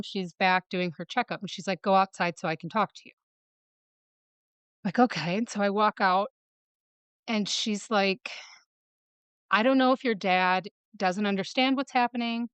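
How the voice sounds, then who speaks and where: A woman's voice: mid-range voice, fairly bright tone, clean tone, no echo. A woman from Michigan, a podcast guest, telling a personal story and quoting others as she goes, with lots of "like.". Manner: fast retelling, quoting others with "like".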